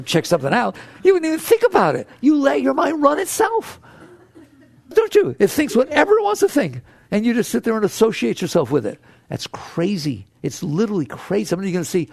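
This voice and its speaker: A man giving a spiritual talk to an audience, playful and animated, acting out inner thoughts and voices. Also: quick pace, gravelly, no echo. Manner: animated and playful, swinging from low hushed tones to high excited exclamations. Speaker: spiritual teacher.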